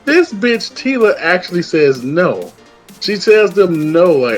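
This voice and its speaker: A man's voice: high voice, very animated, slow pace, faint music behind. A man co-reviewing a show in casual chat, ranting with lots of profanity and acting out characters' lines as he retells the plot. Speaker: co-reviewer guest.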